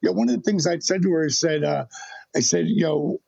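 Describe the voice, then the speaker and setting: Guy guest spinning a story, gravelly and husky, high-ish voice, kinda dull lo-fi sound. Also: fairly quick, no echo. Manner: animated, acts out quoted dialogue. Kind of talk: storytelling in a podcast interview.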